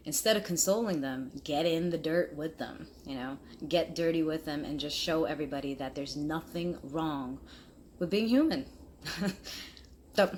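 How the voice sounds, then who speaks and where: A woman's voice: deep voice, normal speed, darkish tone, a little hiss or hum. A woman, vlogging in a candid, chatty monologue and laughing easily as she talks. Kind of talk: casual reflective monologue.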